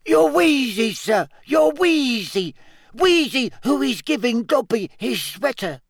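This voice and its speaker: Squeaky, eager male house elf with broken grammar; very high, lively storybook voice. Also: takes it slowly, dry recording, heavily acted. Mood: urgent.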